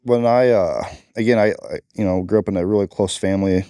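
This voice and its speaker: Interview guest, man, Marine combat veteran, very low and dark voice, blunt and emphatic. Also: fairly quick, smooth, no echo, studio quality. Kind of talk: candid interview talk.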